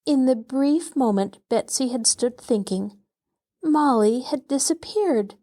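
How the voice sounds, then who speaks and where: A woman host reading a children's novel aloud in an expressive, dramatic way. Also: high voice, slow. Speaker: host and storyteller.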